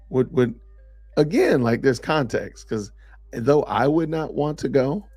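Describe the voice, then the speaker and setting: Gravelly, husky man hosting a podcast. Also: fairly low pitch, dark tone, no echo. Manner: loose, chatty, reads out and reacts to viewer comments. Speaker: podcast host. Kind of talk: casual live-stream chat.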